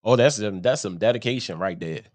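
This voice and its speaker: A man's voice: on the low side, brisk, no echo. A man hosting a show, telling a story in a rambling, casual monologue and often laughing at himself. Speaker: show host.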